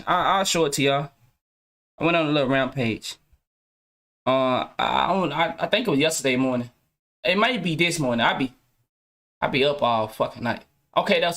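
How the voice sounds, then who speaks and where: On his own podcast, a man with a slightly high, fairly bright voice rants loosely to viewers, full of slang and heavy cursing, often starting his sentences over.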